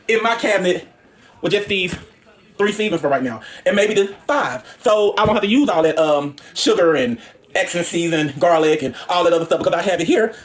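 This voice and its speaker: A Southern woman chatting casually to her viewers from her home kitchen, rambling and repeating herself. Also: on the low side. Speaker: home cooking vlogger.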